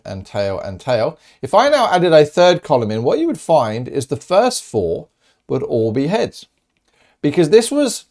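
A man's voice: mid-range voice, darkish tone. A middle-aged man teaching a recorded maths lesson in a chatty, upbeat and encouraging way, talking straight to his students.

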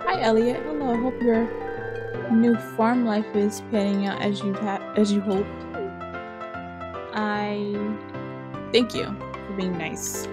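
A woman's voice: mid-range voice, fairly even intonation, slow pace, pauses often, over music. A young woman giving casual, chatty commentary while playing a game, often scolding the characters on screen. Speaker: gameplay streamer.

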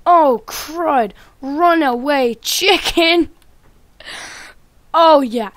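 A woman with a high, bright-sitting voice teases other players through her gameplay commentary. She takes her time with the words, swinging from loud taunts down to quiet muttering. The sound is dry and close, with no room around it. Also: slow pace, pauses often, no echo. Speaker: gaming YouTuber.

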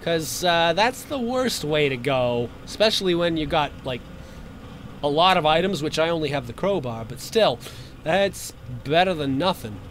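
A man playing a horror game for his channel, joking and taunting the monster he's hiding from, with sudden yells and laughs. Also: a little high, animated, measured pace, a little hiss or hum. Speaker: gaming channel host. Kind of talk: let's play commentary.

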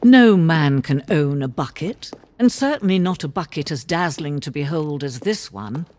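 An actor playing a wry, omniscient male game narrator, speaking in measured, mock-grave tones. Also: on the high side, expressive, a little mellow, slight background noise, natural voice. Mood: mock-solemn.

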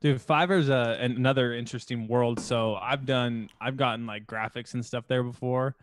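A man's voice: mid-range voice, steady tone, normal speed, a little hiss or hum. A man co-hosting a comedy podcast, telling an anecdote casually and laughing as he goes. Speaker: podcast co-host.

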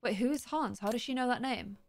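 Chatty young woman narrating her gameplay. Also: a little high. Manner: chatty, curious, thinks aloud and reads slowly word by word. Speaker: let's-play host. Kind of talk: gaming commentary, reading game text aloud.

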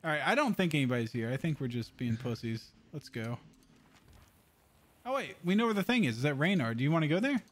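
A young man streaming a multiplayer game, chatting casually and excitably with his friends. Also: fast talker. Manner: excitable, jumps into high joking voices. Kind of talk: casual gaming chat with friends.

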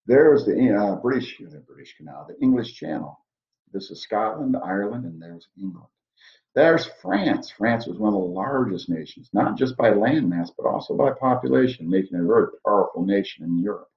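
A man's voice: lowish voice, animated, moderate pace, gravelly. A man teaching a history lesson, leading a map walkthrough with a joking manner. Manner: jokey, leads a map walkthrough. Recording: echoey room, dull lo-fi sound.

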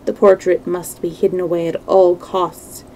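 A woman's voice: on the low side, little pitch movement, normal speed, mellow, a little hiss or hum, rough recording. A woman reading a classic novel aloud to a live stream, giving the characters' dialogue a light touch of acting. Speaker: storyteller.

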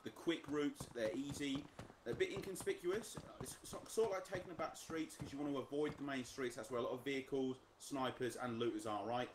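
A man's voice: mid-range voice, fairly quick, lightly acted. A man doing an upbeat celebrity chef impression, giving instructions and saying "right" a lot. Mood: chirpy. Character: chirpy English celebrity chef man, eager. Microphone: headset over voice chat. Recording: loud hiss over voice chat.

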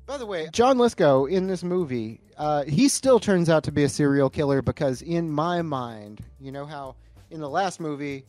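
A man with a fairly high voice co-hosting a casual movie podcast, rambling loosely through pop-culture tangents. Quiet background music sits faintly under his voice. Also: animated, moderate pace, dry recording. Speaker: podcast co-host. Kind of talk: casual movie-review chat over beer.

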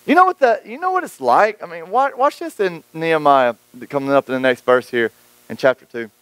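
A high, smooth-voiced man preaches from the pulpit, dropping to a hush and then climbing to an excited pitch. He slips into quoted voices as he goes. The sound is dry and close. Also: brisk, no room sound, rough recording. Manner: dynamic preaching with wide swings between hushed and raised delivery; acts out quoted voices of church folk and critics. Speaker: pastor. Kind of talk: sermon.

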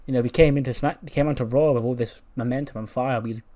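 A man's voice: mid-range voice, fairly even intonation, quick pace, dark tone, lightly acted. A man voicing an anxious young female wrestler questioning her team's losing streak. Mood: worried.

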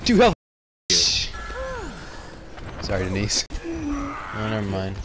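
Young man, gameplay banter, boastful, jokey, animated pitch, background music. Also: slow pace. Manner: boastful, jokey trash talk with lively swings. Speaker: gaming video creator. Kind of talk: casual gameplay banter with a friend.

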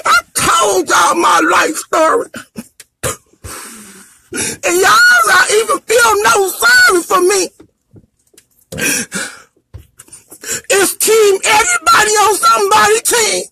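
A man playing a self-pitying gay man who wails, cries and shouts melodramatically in a live-stream comedy bit. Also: very high voice, a little slow, slight background noise, exaggerated voice, rough recording. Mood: wailing. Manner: wailing, crying, melodramatic shouting.

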